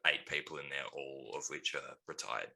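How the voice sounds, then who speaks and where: A man's voice: rumbling low, normal speed, vocal fry, bright, forceful tone, slightly rough. A man co-hosting a podcast, telling a story in casual chat with lots of ums and laughs. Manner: rambling, laughing, full of ums. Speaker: podcast co-host.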